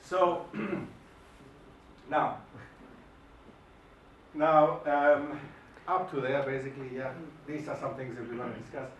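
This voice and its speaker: A man giving an emphatic, animated lecture and firing questions at the audience, recorded in a hall. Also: medium pitch, slow, long pauses, slight background noise. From Germany. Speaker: guest lecturer. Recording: echoey hall, mic at a distance.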